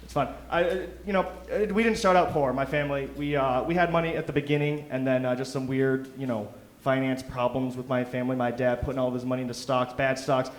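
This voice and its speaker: A man's voice: medium pitch, fairly even intonation, fast. A young man from Detroit doing a loose, self-mocking stand-up set, chuckling through his lines. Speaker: stand-up comic. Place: comedy club stage. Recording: roomy club sound.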